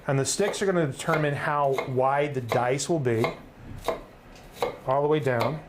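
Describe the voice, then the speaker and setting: A man's voice: mid-range voice, measured pace, noisy background. A middle-aged man, host of a live cook-along, talking through his recipe in an upbeat, chatty way and often asking "right?". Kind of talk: live cooking demonstration.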